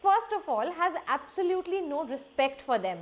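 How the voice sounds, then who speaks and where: Woman, TV debate spokesperson, measured speech with restarts, sarcastic edge, high voice. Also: animated. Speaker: party spokesperson on a TV panel.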